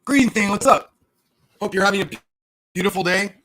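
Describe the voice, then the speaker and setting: A man's voice: high voice, fairly quick, bright, forceful tone. A man hosting a livestream, ranting sarcastically and with lots of swearing while reading chat aloud. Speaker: livestream host. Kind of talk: casual livestream rant.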